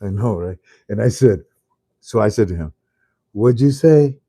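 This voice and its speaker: A man's voice: lowish voice, lively intonation, unhurried, mellow, breathy edge, dry recording. An older man hosting a casual monologue, rambling with chuckles and many fillers and restarts. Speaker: host.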